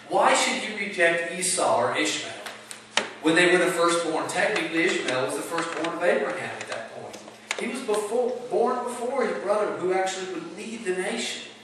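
Man, pastor, sermon, rhetorical questions, slightly high pitch, very echoey room. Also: sharp tone, a little hiss or hum. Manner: emphatic, conversational preaching with rhetorical questions. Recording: echoey hall, mic at a distance.

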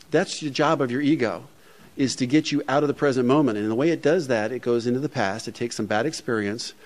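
Man, meeting speaker, conversational, humorous, plainspoken, mid-pitched voice. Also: darkish tone. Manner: conversational, peppered with "you know". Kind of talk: speech to a meeting. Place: meeting room before an audience.

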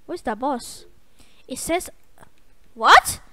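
Young woman, gaming commentary, high voice, unhurried, going hoarse. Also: heavy background noise. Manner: excitable, yelps and trash-talks the game. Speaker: gaming channel host. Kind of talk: casual gameplay commentary.

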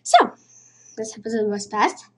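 A woman's voice: a little high, normal speed, very noisy. Jittery non-native woman gamer, swearing. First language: not English. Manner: jittery, swears a lot, hums nonsense to stay calm. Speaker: let's play gamer. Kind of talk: horror game commentary.

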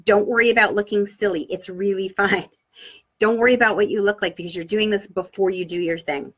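A woman giving an upbeat live-streamed training talk on public speaking, coaching her viewers with lively inflection. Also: mid-range voice, a little fast, breathy edge. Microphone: webcam or laptop mic for a live stream.

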